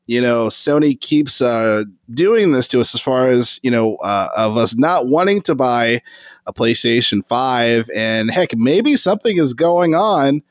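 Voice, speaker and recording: Male podcast host, mid-pitched voice, stumbling casual news read. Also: animated, a little slow, no room sound. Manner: hesitant, many fillers when reading. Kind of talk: casual chat, reading news aloud.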